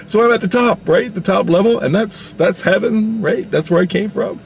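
A man's voice: high voice, moderate pace, vocal fry, hardly any pauses, slight background noise. A man rambling through a spiritual vision story, laughing often and acting out the dialogue.

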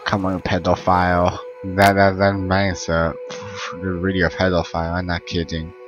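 Deep-voiced young man doing game commentary. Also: moderate pace, highs cut off. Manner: excitable, swears, broken English. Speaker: gameplay commentator. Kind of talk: let's play commentary. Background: game music.

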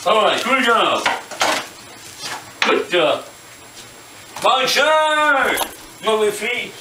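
A young man acting out an improvised toy puppet skit, playful and excitable, with sudden shouts. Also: high voice, very slow, noisy background. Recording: echoey room, mic far off.

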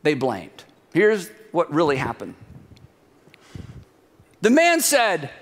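A male pastor giving a sermon in a church, animated and conversational, dropping to hushed emphasis on key points. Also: a little high, takes it slowly, long pauses, in a large hall, some chatter behind. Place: church sanctuary.

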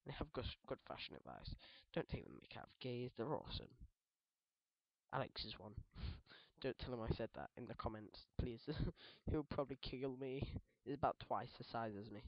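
A British teenage boy chats loosely over his game, joking and backtracking as he goes. His voice sits at a middling pitch. The cheap mic sounds dull and dry, with no room echo. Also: expressive, normal speed. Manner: rambling, jokey, self-correcting. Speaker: gaming video host. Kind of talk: casual let's play commentary.

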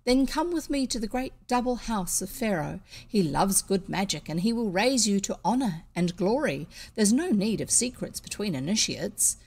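A woman's voice: mid-range voice, expressive, moderate pace, hardly any pauses, darkish tone. A woman voicing a courteous, scheming young male Egyptian priest who turns stern, in a read-aloud storybook. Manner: smooth and polite, then stern.

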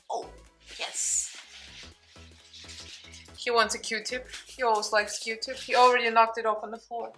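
A young adult woman with a Russian accent chats casually through a makeup tutorial, talking to her cat between steps. Her voice is a little high and sharp with little pitch movement, at a measured pace with frequent pauses, over faint background music.

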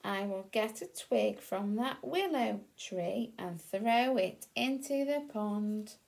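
A woman voicing a helpful crow in a storybook read-aloud, speaking softly and slowly. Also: mid-range voice, expressive, vocal fry. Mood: kindly. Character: helpful crow offering a rescue.

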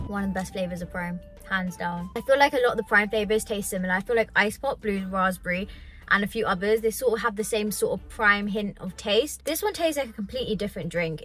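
A chatty young woman vlogging casually to her viewers, a bit out of breath from walking between shops. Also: medium pitch. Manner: chatty and excitable, addressing viewers as guys. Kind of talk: casual vlog to camera.

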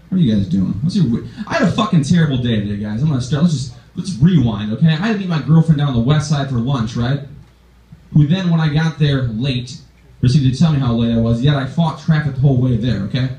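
Fast-talking, exasperated young comic. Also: male voice, fairly high pitch, warm tone, reverberant, recorded from a distance, a little hiss or hum. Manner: rambling, profane, exasperated storytelling. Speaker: stand-up comedian. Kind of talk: stand-up comedy set. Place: comedy club stage.

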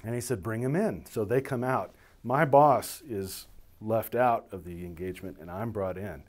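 A middle-aged man, a military officer, recounting a personal story in an animated way, slipping into the voices of the people he describes. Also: on the low side, moderate pace. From United States. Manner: animated storytelling, voicing others in dialogue.

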